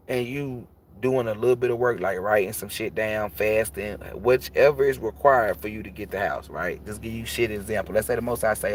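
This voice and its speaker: A man's voice: lowish voice, fairly quick, few pauses, a little hiss or hum. A man who reads tarot, talking bluntly and casually on a livestream and preaching about energy with plenty of swearing. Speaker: tarot reader.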